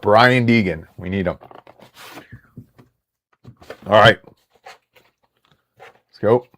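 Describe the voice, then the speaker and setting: Guy in his 30s running a live card break, chatty and excitable, talks slow, lowish voice.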